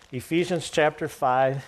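This pastor's voice runs on the high side with some vocal fry. He reads scripture to his congregation, then talks it through casually, peppering his explanation with jokes and asides.

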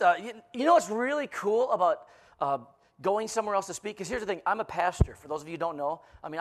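A man in his fifties, a guest pastor giving a joke-filled sermon and teasing the crowd as a playful, animated storyteller. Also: high voice.

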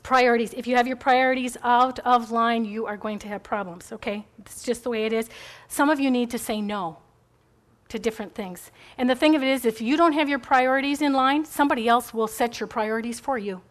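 A woman's voice: fairly high pitch, fairly even intonation, brisk. A middle-aged woman giving a chatty, rambling faith talk to a group, encouraging and full of asides.

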